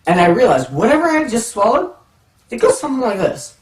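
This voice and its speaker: A man telling a comic personal story to the camera, animated and self-mocking. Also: extremely high pitch, fairly quick. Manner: animated, self-mocking, acts out voices in his stories. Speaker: storytelling vlogger. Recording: echoey room, mic far off.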